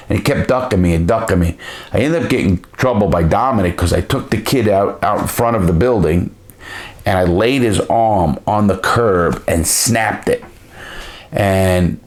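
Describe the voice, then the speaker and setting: A man with a deep, low voice tells stories in a casual, blunt way. He swears freely and often stops to restart his sentences. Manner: blunt, profane, with frequent restarts. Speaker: storyteller. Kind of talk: casual storytelling.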